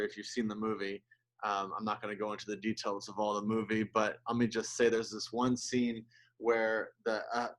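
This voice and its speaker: A man's voice: medium pitch, a bit bright. A male pastor giving an earnest, conversational sermon, with restarts and asides, who gets emotional as he speaks.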